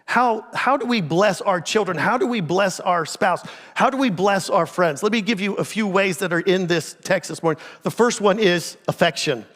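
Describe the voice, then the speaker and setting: A middle-aged man preaching a sermon as pastor in a church, talking with the congregation in a conversational way and asking them many questions. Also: sits high. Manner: conversational, asks the congregation many questions, drops to a quiet intense voice. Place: church sanctuary. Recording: long church reverb.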